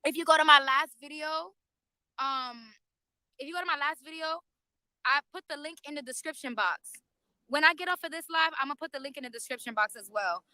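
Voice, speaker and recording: A woman on a casual live stream, talking straight to her viewers in an animated, profane way, recorded on a phone near a courthouse overflow room. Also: high voice, a little fast, no room sound, poor audio. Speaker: YouTube livestreamer.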